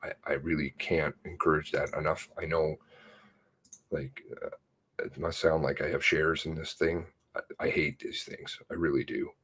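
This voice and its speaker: A man hosting his own channel, reading out a news release in a furious, swearing rant that swings from shouts to hushed mutters. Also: extremely low pitch, fairly even intonation, moderate pace, husky. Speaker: channel host.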